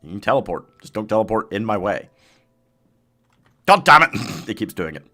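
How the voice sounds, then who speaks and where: Streaming a game live from his home setup, a man chats casually with his viewers, laughs a lot and yelps whenever danger shows up. His voice sits on the low side, fairly bright, and he talks fairly quickly.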